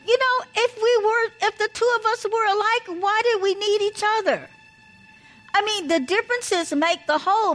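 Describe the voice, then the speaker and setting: A woman's voice: extremely high pitch, fairly bright tone, low-quality recording. A woman casually telling stories and giving advice about marriage, in a chatty, anecdotal way. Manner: chatty, anecdotal, repeats "blah, blah". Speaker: speaker sharing marriage advice. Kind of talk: casual storytelling talk.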